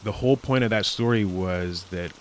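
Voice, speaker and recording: A man's voice: fairly low pitch, moderate pace, slight background noise. A man hosting a podcast, talking in a casual, reflective monologue that rambles with many fillers and restarts. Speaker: podcast host.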